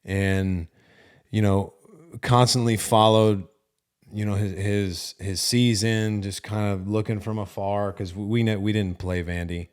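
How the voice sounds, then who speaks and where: American ex-player co-host, 30s, lowish voice, halting with fillers. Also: male voice, steady tone, smooth. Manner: measured, halting, with many fillers. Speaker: podcast co-host, former player. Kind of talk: casual sports chat.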